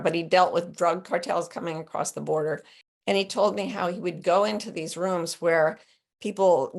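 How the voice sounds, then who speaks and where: A woman life coach and author as an interview guest, telling stories with lively acted-out quotes. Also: fairly low pitch, vocal fry. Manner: animated storyteller who acts out quotes. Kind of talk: conversational interview.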